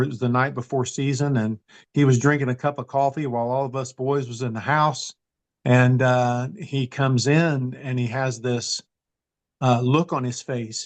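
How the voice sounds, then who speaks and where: A man, an interview guest earnestly telling a personal story with frequent restarts and fillers. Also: medium pitch. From eastern Kentucky.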